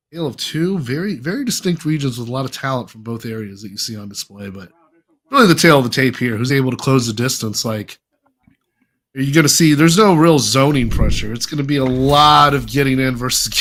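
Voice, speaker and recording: A man's voice: medium pitch, a bit bright. A man commentating a fighting game tournament as a regular host, hyped and chatty. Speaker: esports commentator.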